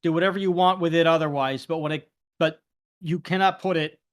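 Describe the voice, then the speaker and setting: A young adult man, co-hosting a podcast in casual chat, acting out the exchanges he tells with lively feeling. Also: a little high, brisk. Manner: animated storytelling, acts out quoted exchanges. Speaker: podcast co-host.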